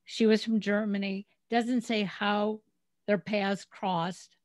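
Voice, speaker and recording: A middle-aged woman hosts a podcast and retells family stories in a chatty, animated way. Her voice sits at a middle pitch. The recording is dry and close, with no room sound, over a remote call. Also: slow pace, no room sound. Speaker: podcast host. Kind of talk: casual interview chat.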